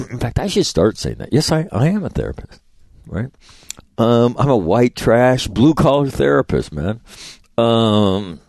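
A man's voice: on the low side, dark tone, no echo, studio quality. A middle-aged man hosting a show, telling stories in a blunt, profane, rambling way with many restarts. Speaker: podcast host and public speaker. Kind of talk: casual storytelling monologue.

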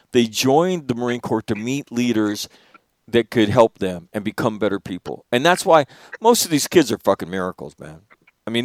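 A man's voice: mid-range voice, no room sound. A man hosting a casual conversation, speaking emphatically with frequent swearing. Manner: emphatic, profane, lively storytelling.

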